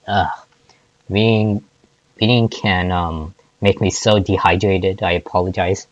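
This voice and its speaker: A man's voice: low voice, fairly even intonation, takes it slowly, no echo, dull audio. A man reading fan fiction aloud, often stumbling and restarting words. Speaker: fanfic reader.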